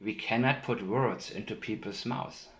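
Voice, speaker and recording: A man commenting on interview clips, speaking in a deliberate, emphatic way and repeating key phrases. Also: lowish voice, fairly bright tone, echoey room. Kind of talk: analytical commentary with played clips.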